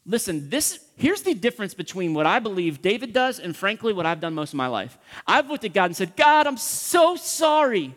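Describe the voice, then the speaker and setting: A male pastor preaching with passion in a high, ringing voice. He acts out pleading prayers, rising to near shouts and sinking to hushed whispers. His sermon carries a long reverb from a large church hall. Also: very animated, a little fast, hardly any pauses.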